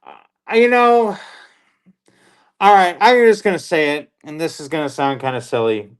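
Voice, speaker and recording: A man co-hosting a movie chat, measured and analytical, hedging his points. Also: on the high side, clear, resonant tone. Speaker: movie podcast co-host. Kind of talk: casual chat.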